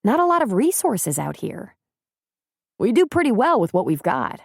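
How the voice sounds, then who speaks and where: A woman voicing a calm, plainspoken small-town man in an audiobook reading, with steady, reassuring delivery. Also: medium pitch, moderate pace, vocal fry, slightly rough, dry recording, studio quality, voice pushed up, full character voice.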